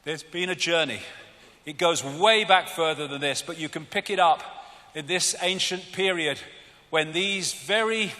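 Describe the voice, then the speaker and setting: A British man giving a live arena talk, animated and mocking, often swearing. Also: a little high. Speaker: public speaker. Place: large arena. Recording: arena reverb with faint crowd.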